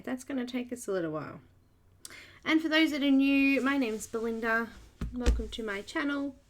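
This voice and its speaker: A slightly croaky, somewhat high-pitched woman hosts a live coloring stream for her art channel. She's chatty, greets viewers by name, and laughs often.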